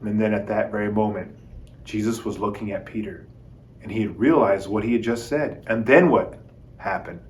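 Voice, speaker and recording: A man teaching a children's Bible lesson as a lively story, talking straight to the kids and acting out the quotes. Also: lowish voice, moderate pace. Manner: lively, addresses kids as "guys", acts out quotes.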